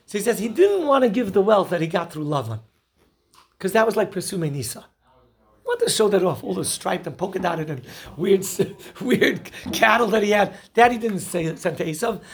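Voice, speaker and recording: A man's voice: sits high, husky. A man teaching a Torah class, telling jokes and stories and mixing Hebrew and Yiddish terms into his English. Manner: animated storyteller who laughs at his own jokes.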